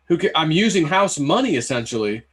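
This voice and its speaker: A man hosting a casual chat, talking in a relaxed, chatty way and laughing easily. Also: a little high, fairly quick, slightly rough. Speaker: host.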